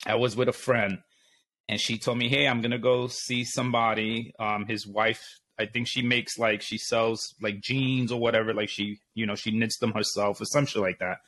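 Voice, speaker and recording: A young man chatting casually, telling stories in an animated way, swearing and laughing often. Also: fairly low pitch, moderate pace. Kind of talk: casual chat.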